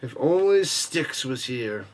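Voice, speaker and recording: A man's voice: mid-range voice, very animated, slow. A man hosting a football watch party stream, chatting casually, joking, reading viewer messages and calling the plays. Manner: rambling, joking, reads chat messages aloud. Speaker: watch party host and play-by-play caller. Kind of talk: casual live-stream chat with play-by-play.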